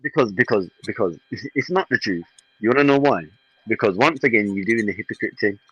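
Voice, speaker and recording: A man's voice: fairly low pitch, animated, a little fast, fairly bright tone, slightly rough, dry recording, muffled recording. A man co-hosting a podcast, in fiery and mocking football banter, repeating himself. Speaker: podcast co-host.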